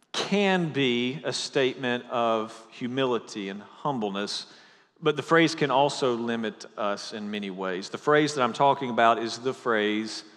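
A man preaching a sermon to a live congregation, opening with dad jokes and then slowing to emphatic repetition. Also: mid-range voice, a bit bright. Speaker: pastor. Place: church sanctuary. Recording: long hall reverb.

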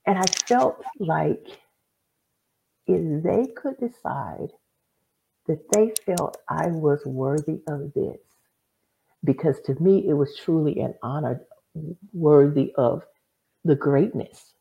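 Low gravelly woman guest, lo-fi. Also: animated, slow, long pauses, dark tone, slight background noise. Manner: earnest, faith-filled, acts out quoted dialogue. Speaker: guest, author. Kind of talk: storytelling interview answer.

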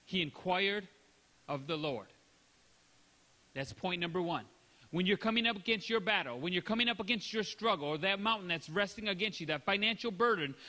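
A man preaching a sermon, his voice high and bright. He swings between loud, forceful lines and soft, dropped asides as he acts out small exchanges. The sound carries the long reverb of a big hall. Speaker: pastor.

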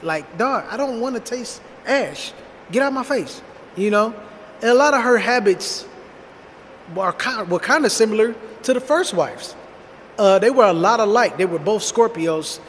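A man in his thirties telling a personal story in a blunt, animated, slangy way, speaking straight to his viewers. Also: high-pitched, big-room sound, slight background noise. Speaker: storytime vlogger. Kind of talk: casual storytelling monologue.

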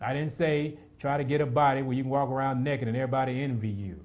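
A middle-aged man preaching a sermon, animated and repetitive, with asides to the congregation. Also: medium pitch, fast.

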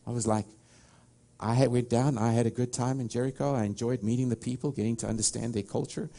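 South African pastor preaching with warm voice. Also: male voice, medium pitch, fairly even intonation, fast, vocal fry. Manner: rambling, storytelling with many restarts. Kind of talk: sermon.

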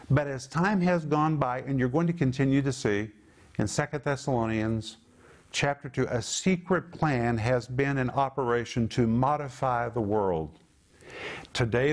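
Emphatic man in his sixties teaching Scripture. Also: medium pitch. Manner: emphatic, stressing key words with slow drawn-out repetition. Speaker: Bible teacher. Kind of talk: televised Bible teaching.

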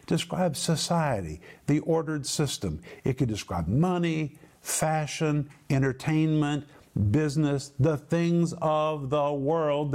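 Male Bible teacher, sermon delivery, fairly high pitch, emphatic with deliberate repetition. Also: a little mellow. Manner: emphatic, drawn-out phrasing, repeats key words.

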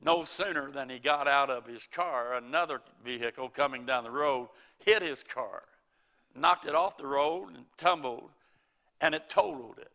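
A man's voice: medium pitch, animated, moderate pace, creaky, pushed and bright. A man preaching a sermon, quoting scripture and telling folksy stories, chuckling at his own jokes.

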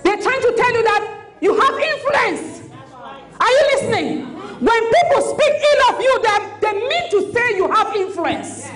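A woman pastor preaching an animated sermon with emphatic bursts of shouting. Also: very high voice, a little slow, echoey room.

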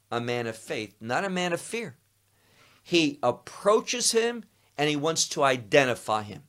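A man preaching a sermon, teaching slowly and emphatically through a scripture passage, repeating key words and phrases. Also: high-pitched, a bit bright. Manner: slow, emphatic teaching with Hebrew terms.

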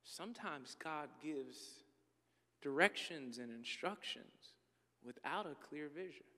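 A man's voice: a little high, lively intonation, slow, bright, forceful tone. A man preaching a comedic sermon, joking and acting out back-and-forth dialogues with God. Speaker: pastor. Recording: reverberant hall.

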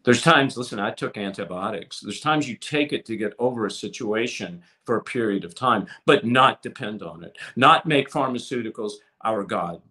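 A man preaching a sermon with passion, swinging from loud to hushed and repeating words as he restarts phrases. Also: on the low side, animated, moderate pace, few pauses. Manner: impassioned preaching with sudden swings from loud to soft. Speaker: pastor.

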